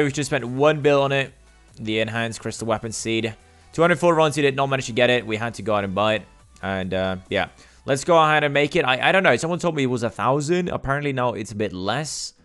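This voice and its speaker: A man giving casual gameplay commentary, explaining steps and getting loud and swearing when the game frustrates him. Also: mid-range voice. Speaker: gameplay streamer.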